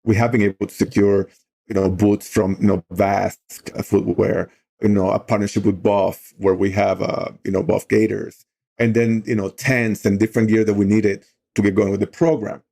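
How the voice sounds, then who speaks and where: A middle-aged man, an outdoor program leader appearing as a talk show guest, earnestly tells a story full of "you know" fillers and grows emotional as he goes. His voice sits on the low side with little pitch movement, normal speed, a creaky texture and a warm tone.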